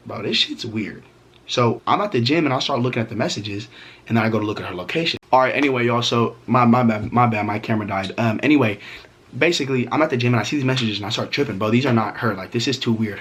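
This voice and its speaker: A man's voice: mid-range voice, a bit bright, a little hiss or hum. A young man vlogging a storytime, talking casually with heavy slang, swearing and fillers.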